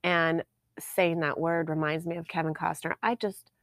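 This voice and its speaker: A woman in her forties co-hosts a casual podcast from home, teasing and laughing easily. Her voice sits a little low, recorded close and dry. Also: level tone, moderate pace, a bit bright, no echo. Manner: playful, laughs often. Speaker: podcast co-host. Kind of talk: casual chat.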